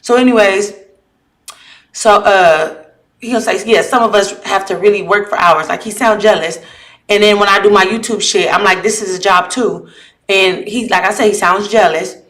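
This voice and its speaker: A woman's voice: mid-range voice, normal speed, a bit bright. Blunt, heated woman talking to viewers. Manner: blunt, heated retelling with frequent profanity; reads messages aloud and asks viewers for judgment. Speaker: vlogger. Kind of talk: casual chat to viewers. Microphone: camera or phone mic while live.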